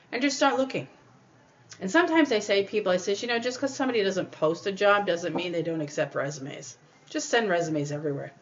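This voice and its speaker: A woman's voice: mid-range voice, highs cut off, a little hiss or hum. A woman hosting a podcast, giving encouraging spiritual self-help advice in a conversational way and acting out little quoted voices. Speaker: podcast host.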